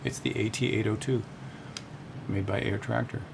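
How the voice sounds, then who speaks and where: Gravelly-voiced man hosting a flight stream. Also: on the low side, steady tone, normal speed, noisy background. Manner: chatty, laughs often, explains at length. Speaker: host of a group flight stream. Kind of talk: casual gaming chat.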